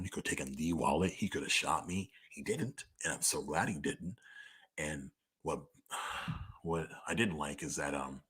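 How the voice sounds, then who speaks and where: A man's voice: a bass voice, bright, forceful tone, slightly rough. A young man talking candidly and profanely through a list of personal questions, in a loose, conversational way full of "like.". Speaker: podcaster answering listener questions. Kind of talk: casual monologue.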